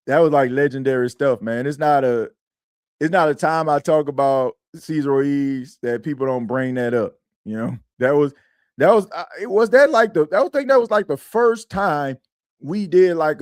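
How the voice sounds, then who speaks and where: A man's voice: medium pitch, a little mellow, no room sound, studio quality. A man hosting a sports podcast in casual chat, rambling and slangy, repeating himself as he talks.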